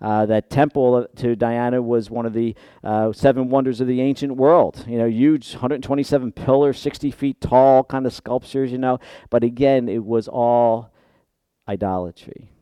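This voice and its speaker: A male pastor preaching a sermon in church, swinging from hushed asides to loud emphatic peaks. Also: medium pitch, steady tone, normal speed, clear, resonant tone, no room sound.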